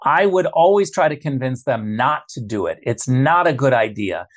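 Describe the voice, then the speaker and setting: A man speaking as a guest on a political talk show, forceful and emphatic, stressing his points by repeating them. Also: medium pitch, big pitch swings, normal speed, crowd noise.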